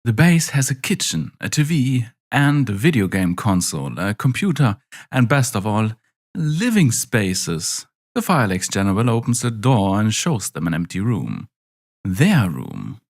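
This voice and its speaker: A man narrating a story in a wry, expressive way. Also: lowish voice, moderate pace.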